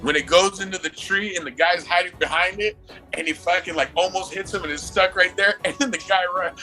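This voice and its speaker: Faint music plays behind this man's high voice as he chats at a moderate pace on a movie podcast he co-hosts. He tells scenes from the film excitedly, laughing often and cursing heavily.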